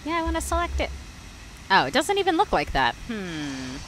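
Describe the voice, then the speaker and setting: A woman's voice: medium pitch, wildly swooping pitch, normal speed, a little hiss or hum. A young woman playing a horror game and joking as she talks to herself and her viewers. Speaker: game streamer. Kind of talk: casual gameplay commentary.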